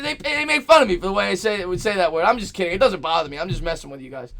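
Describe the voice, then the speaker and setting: A man with a notably high voice hosts a live sports reaction stream. He calls each play with rising excitement and shouts at the big moments. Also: rapid-fire, creaky, hardly any pauses. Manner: excitable, shouts at big plays, reads donations aloud. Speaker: host of a sports reaction livestream.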